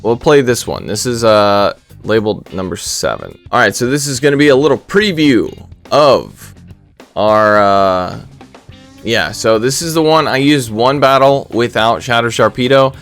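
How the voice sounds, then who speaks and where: A man's voice: mid-range voice, sing-song, unhurried, a bit bright, faint music behind. A man giving casual, rambling game commentary, full of stutters and self-deprecating asides. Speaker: gaming commentator.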